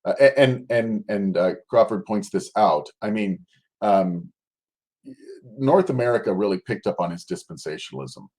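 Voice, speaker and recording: In an interview, a guest scholar explains his subject conversationally in a fairly low, expressive voice with a darkish tone. His speech is halting and thought-out-loud, with frequent broken-off and restarted sentences, yet he gets his point across.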